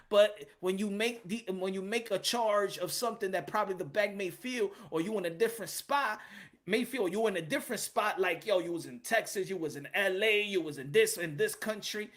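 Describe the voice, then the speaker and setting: A man hosting a boxing channel livestream, chatting casually in a slangy way, animated and repetitive, reading out his chat. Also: high voice, moderate pace.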